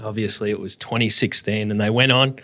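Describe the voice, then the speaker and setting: A man's voice: fairly low pitch, steady tone, fairly quick, pushed and bright. An Australian man co-hosting a casual podcast, joking and acting out silly mock dialogues as he talks. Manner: jokey, acts out mock dialogues. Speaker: podcast co-host. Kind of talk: casual banter.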